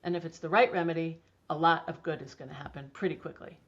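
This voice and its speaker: A woman's voice: low-pitched, quick pace. A middle-aged woman guest talking enthusiastically about homeopathy in a casual interview, chatty with many restarts. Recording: dull lo-fi audio.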